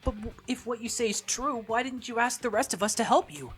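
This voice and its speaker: A woman's voice: a little high, fairly quick, faint music behind, pitched above the performer's own voice, lightly acted. A woman reading the lines of an earnest, anxious teenage boy student who keeps asking questions. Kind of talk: reading game dialogue aloud.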